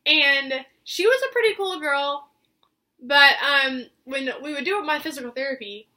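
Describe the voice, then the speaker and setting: Bright high-voiced woman vlogger. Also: unhurried. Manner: chatty, heavy use of "like" fillers. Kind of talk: personal storytelling.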